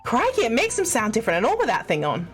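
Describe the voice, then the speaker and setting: A bubbly young assistant from a video game speaks in a high, bouncing Yorkshire accent, done by a woman at her desk. She is excitable and blunt, full of northern slang. Faint music plays underneath. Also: quick pace. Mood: excited.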